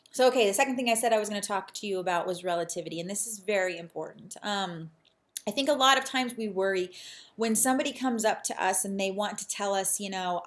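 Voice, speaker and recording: Young woman vlogging to camera, earnest and reflective, keeps restarting her sentences. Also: medium pitch. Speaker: real estate agent and vlogger. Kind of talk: casual personal vlog.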